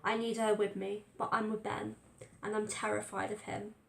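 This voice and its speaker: A woman reads a first-person story aloud, telling it in a tense, fearful way. Her voice is gravelly with a narrow, flat pitch. The recording carries a roomy echo. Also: moderate pace, a little hiss or hum. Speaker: audiobook reader. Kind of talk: first-person dramatic fiction narration.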